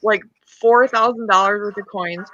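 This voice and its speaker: A woman's voice: mid-range voice, normal speed, pushed and bright, no echo, highs cut off. A woman in a casual chat, talkative and telling stories with little quoted voices.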